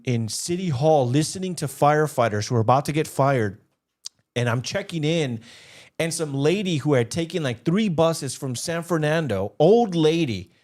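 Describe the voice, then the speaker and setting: A man's voice: a little high, darkish tone. A young man co-hosting a podcast from the Los Angeles area, telling stories in an emotional way and repeating words when he gets worked up. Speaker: podcast co-host. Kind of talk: casual podcast chat, storytelling.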